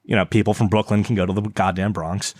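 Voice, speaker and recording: A man's voice: fairly low pitch, flat delivery, fast, a little mellow, no echo. Young guy podcast cohost, rambles and stammers a lot, swears, dry close sound. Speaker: podcast co-host. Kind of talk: casual chat.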